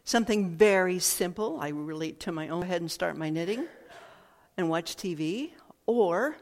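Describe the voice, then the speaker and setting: A woman's voice: lowish voice, expressive, darkish tone. Reflective woman in a reverberant hall. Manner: thoughtful, slow, with repeated phrases and pauses. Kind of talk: reflective spoken talk.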